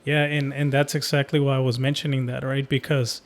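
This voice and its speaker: A young adult man hosts a casual podcast conversation. He talks in a relaxed, reflective way, with plenty of "like" and "right?". His voice sits at an ordinary middle pitch. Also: a little fast. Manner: relaxed, reflective, many fillers. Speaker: podcast host. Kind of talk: casual chat.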